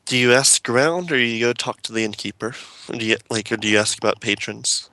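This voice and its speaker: A man's voice: medium pitch, fairly quick, sharp tone, dry recording. A man running a tabletop game as game master, describing scenes and questioning players.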